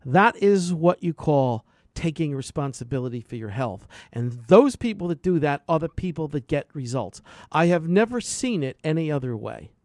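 Male radio health host, higher voice, emphatic and preachy, dry studio sound. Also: sing-song, moderate pace, a little mellow, no room sound. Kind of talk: impassioned radio monologue.

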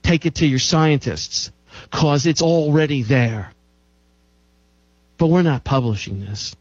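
A man with a somewhat high voice gives an emphatic health-talk monologue, driving points home by repeating them. The sound is dull and lo-fi, with a dry, close feel and no room echo. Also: slow pace, darkish tone. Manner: emphatic, repeats key phrases for effect. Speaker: show host.

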